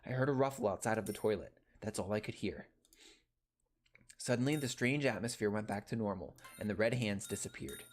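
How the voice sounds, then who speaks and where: A man reading horror-game dialogue and narration aloud in a steady storytelling voice. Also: fairly low pitch, brisk, faint music behind.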